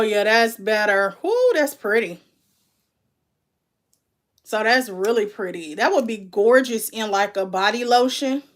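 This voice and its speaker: A woman's voice: medium pitch, slight background noise. A woman, chatting casually and candidly as she unboxes and reviews makeup, calling her viewers "baby" and "y'all". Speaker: beauty vlogger.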